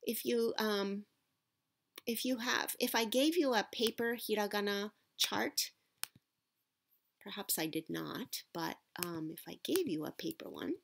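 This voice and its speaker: A woman teaching Japanese pronunciation in a patient, deliberate classroom manner, modelling sounds for her students. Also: mid-range voice, vocal fry, slight background noise. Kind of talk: classroom-style lesson.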